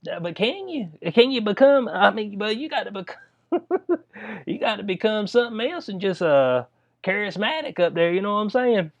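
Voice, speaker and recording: A man's voice: sits high, lively intonation, normal speed, muffled recording. A man giving casual, rambling commentary on news stories, full of slang and frequent laughter. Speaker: political commentary vlogger.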